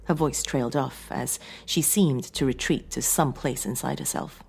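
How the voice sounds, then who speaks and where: Low husky woman narrating horror. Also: normal speed, few pauses, darkish tone.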